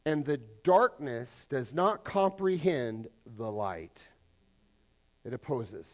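A man preaching a sermon, asking the congregation rhetorical questions and answering them with emphasis, sometimes dropping to a hushed tone. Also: mid-range voice, expressive, takes it slowly. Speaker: pastor.

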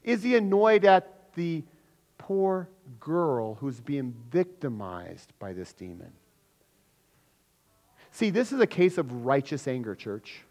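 A man preaching a sermon to his church, swinging between loud emphatic lines and low quiet ones. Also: sing-song, slow. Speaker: pastor. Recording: long hall reverb.

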